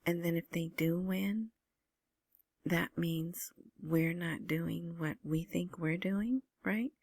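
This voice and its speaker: A woman hosting her own vlog, giving casual screen-share commentary on news in a soft, half-whispered way, with many ums and restarts. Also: on the low side, takes it slowly, no echo. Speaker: vlogger commenting on Iraqi news and currency.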